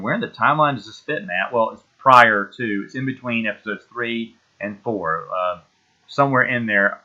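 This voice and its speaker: A man in his forties talks in a loose, nostalgic ramble, stopping and restarting his sentences as he goes. His voice sits at an ordinary middle pitch. The recording sounds a little dull and lo-fi. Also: sharp tone. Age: 40s. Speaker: podcast host. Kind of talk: casual solo chat.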